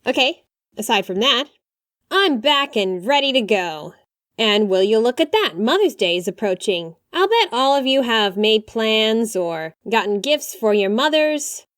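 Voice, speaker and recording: A young woman hosting a podcast, talking in a chatty, animated way with quick apologies and asides. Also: on the high side, no room sound, studio quality. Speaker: podcast host. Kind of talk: casual podcast monologue.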